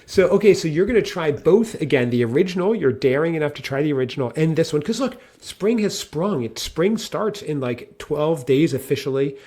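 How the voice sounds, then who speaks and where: A man's voice: on the high side, expressive, a little fast, hardly any pauses, warm tone. Playful, teasing male podcast host. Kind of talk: casual chat.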